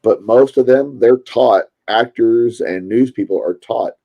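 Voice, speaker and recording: A man's voice: medium pitch, a little slow, gravelly, highs cut off. A man with a Louisville Kentucky accent, chatting casually and rambling to his stream viewers. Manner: rambling, chatty, self-interrupting.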